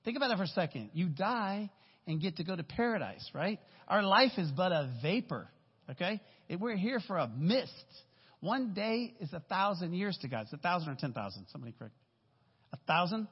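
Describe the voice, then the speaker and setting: Husky man in his fifties preaching. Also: high-pitched, sing-song, brisk. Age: 50s. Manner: casual, storytelling, folksy asides. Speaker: guest speaker. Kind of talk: conversational sermon. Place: church sanctuary. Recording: echoey hall, dull lo-fi sound.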